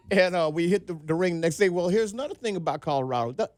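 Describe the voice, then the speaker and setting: A man's voice: sits high, quick pace, no echo. A man guest telling a road-trip story in casual chat, laughing as he goes. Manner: laughs through his stories, relaxed. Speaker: guest wrestler.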